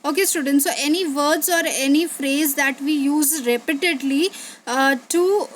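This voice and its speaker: A young woman teacher with a high voice explains terms patiently to her students, pausing on fillers and repeating herself. Faint background noise sits under her recording. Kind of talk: online revision lesson.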